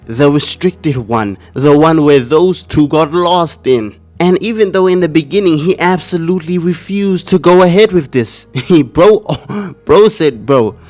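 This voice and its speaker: Slangy joking man recapping a movie. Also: a little high. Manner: slangy, joking, bursts into loud outraged reactions. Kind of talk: casual movie recap voice-over.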